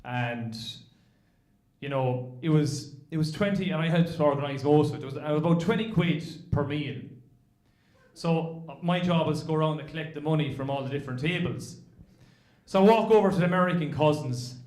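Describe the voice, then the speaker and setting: An Irish man doing stand-up comedy, his voice sitting fairly high as he tells a rambling, swear-laced family tale. His voice bounces around an echoey club room. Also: a little fast, a little mellow. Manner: swearing, self-deprecating anecdotes. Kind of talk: stand-up storytelling.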